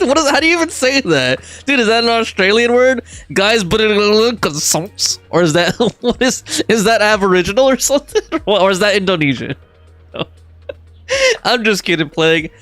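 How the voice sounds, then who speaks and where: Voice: mid-range voice, animated, normal speed, a bit bright, dry recording, faint music behind. A streamer chatting casually during a gameplay stream, rambling and giggling with lots of fillers. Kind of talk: casual live-stream chat.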